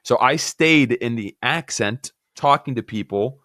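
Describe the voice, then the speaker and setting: A man's voice: medium pitch, a little slow, dry recording, studio quality. A man from Miami, an actor guest, telling anecdotes in a casual interview and acting out the dialogue. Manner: animated anecdotes, acts out dialogue.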